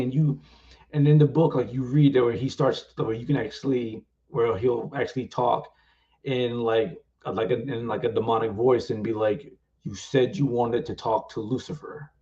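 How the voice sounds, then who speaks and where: A man retelling the story of his book in a casual, rambling way, with many fillers. The voice sits at an ordinary middle pitch. The sound is dull and lo-fi, like stream audio. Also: steady tone, normal speed, mellow. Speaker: author. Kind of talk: live stream book talk.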